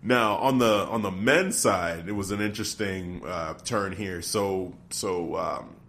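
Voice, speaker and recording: Man, lowish voice, co-host, casual chat, thinks out loud, restarts a lot. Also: unhurried, a little hiss or hum. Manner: thinks aloud, breaks off and restarts sentences.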